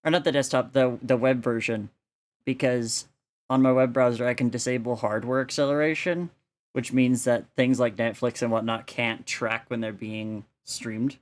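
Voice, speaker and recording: A man's voice: mid-range voice, fairly even intonation, moderate pace. A man casually chatting on a live stream from his home setup into a standalone desk mic, rambling with lots of fillers and frequent laughter. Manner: rambling, laughs often, many filler likes.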